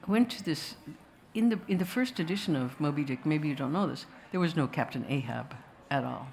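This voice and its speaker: A woman's voice: deep voice, expressive, a little fast, vocal fry, darkish tone, a little hiss or hum. A woman telling a wry, digressive story to a festival audience and slipping into voices now and then. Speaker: filmmaker answering questions.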